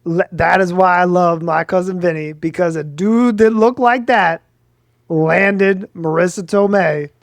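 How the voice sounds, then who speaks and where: High-voiced, rambling podcast co-host man. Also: a little slow, gravelly, no echo. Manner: animated, rambling, lots of "like". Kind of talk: casual chat.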